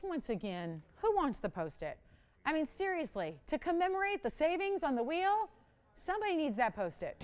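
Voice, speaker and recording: Female shopping-channel host, bright and chatty sales patter, slightly higher voice, smooth and clear. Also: big pitch swings, moderate pace. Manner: chatty, enthusiastic, talks to callers and crew. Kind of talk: live jewelry sales pitch. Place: TV studio.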